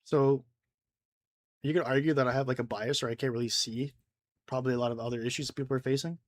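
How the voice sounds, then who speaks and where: A man's voice: medium pitch, steady tone, quick pace. A man giving casual gameplay commentary, rambling and self-amused, easily sidetracked. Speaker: game streamer.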